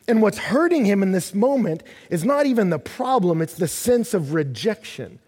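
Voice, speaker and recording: A man's voice: high voice, big pitch swings, normal speed, darkish tone, breathy edge. A man preaching a sermon to a congregation, emphatic and repetitive as he acts out the psalmist's prayers. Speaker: pastor. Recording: long hall reverb.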